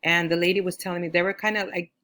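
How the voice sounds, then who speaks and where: A woman's voice: fairly even intonation, fast, fairly bright tone. A woman from California, an astrologer, telling a personal story in a loose, chatty way, full of fillers and acted-out quotes. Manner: chatty, with many fillers like "you know"; acts out quoted lines in a higher voice.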